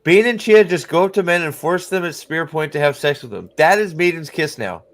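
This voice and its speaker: A man hosting a casual fan chat, excitable and crude, quick to laugh. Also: on the high side. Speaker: host.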